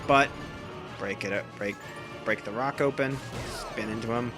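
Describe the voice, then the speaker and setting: A man's voice: mid-range voice, measured pace, music in the background. A man giving casual, rambling, self-deprecating let's play commentary over a video game. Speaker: gameplay commentator.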